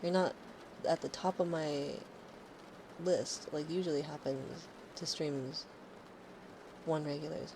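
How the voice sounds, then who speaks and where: A woman's voice: sits low, fairly even intonation, slow pace, pauses often, darkish tone, a little hiss or hum, poor audio. A woman in her thirties chatting casually on a live stream, rambling and sarcastic, swearing freely.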